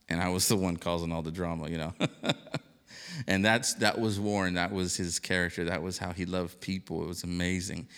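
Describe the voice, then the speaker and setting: A male pastor introducing a guest to his congregation, excitable and joking, breaking into loud shouts and call-outs. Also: low-pitched, clean tone. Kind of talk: lively church welcome and introduction. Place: church sanctuary. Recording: live church hall reverb.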